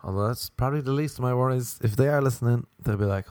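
A young man with an Irish accent doing a stand-up routine, lively, with sudden leaps up in pitch for his bits. His voice sits at a medium pitch. The sound is dry and close, with little room echo. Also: quick pace, hardly any pauses. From Ireland. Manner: animated, jumping to high pitch when acting out others. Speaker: comedian. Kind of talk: stand-up comedy monologue.

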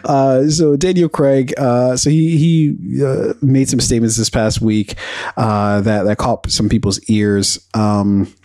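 A man hosts a podcast alone, giving casual commentary in a medium-pitched, level, dark-toned voice and taking his time. The recording is dry. He rambles and swears, drops in lots of fillers, and breaks into bursts of animation.

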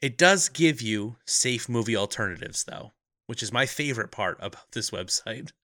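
A man's voice: medium pitch, expressive, normal speed, bright, forceful tone, dry recording, clean studio sound. A man co-hosting a movie podcast in casual chat, wry and laughing often. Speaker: podcast co-host.

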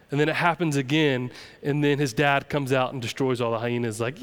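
A man's voice: mid-range voice, steady tone, moderate pace, fairly bright tone, clean tone. A young adult man, preaching a sermon emphatically as pastor. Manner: emphatic, preaching with rising intensity.

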